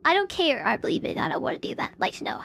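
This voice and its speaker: Woman streamer, high and bouncy pitch, casual play-by-play gaming chatter. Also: sing-song, fast talker, vocal fry, fairly bright tone, a little hiss or hum. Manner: chatty, filler-heavy, talks to chat.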